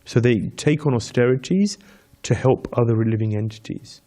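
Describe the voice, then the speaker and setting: A man teaching a devotional scripture class in a medium-pitched voice. He tells his story in steady repeated steps and breaks into chanted Sanskrit verses. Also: moderate pace. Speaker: speaker giving a scripture class. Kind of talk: devotional lecture.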